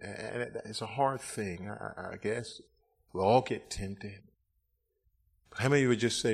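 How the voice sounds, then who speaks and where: A middle-aged man preaching a revival sermon in a church, swinging between fervent shouts and hushed, gentle pleading during an altar call. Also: low-pitched, moderate pace, breathy edge. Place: church sanctuary.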